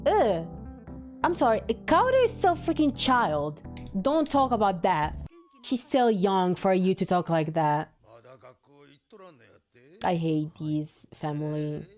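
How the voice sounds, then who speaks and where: A woman's voice: lowish voice, animated, slow pace, long pauses, darkish tone, soft background music. A woman hosting an anime reaction video, talking to herself casually with frequent emotional exclamations. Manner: emotional, exclaiming, thinks aloud.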